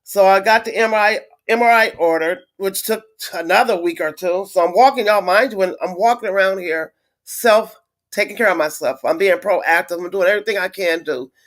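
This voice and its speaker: A woman chatting casually on a live stream to her viewers, venting in a frustrated, blunt way with swearing and halting restarts. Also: mid-range voice. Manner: halting with many fillers and restarts. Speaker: livestreamer greeting viewers.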